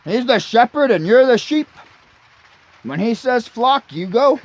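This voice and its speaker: A man's voice: very high voice, expressive, unhurried. A man in his late thirties, ranting angrily and crudely, swearing constantly as he rambles. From Canada. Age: 30s. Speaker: vlogger. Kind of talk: profane rambling rant.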